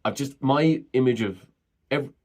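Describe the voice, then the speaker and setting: A man's voice: mid-range voice, measured pace. A man hosting a solo podcast, rambling and swearing bluntly as he rants. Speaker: podcast host.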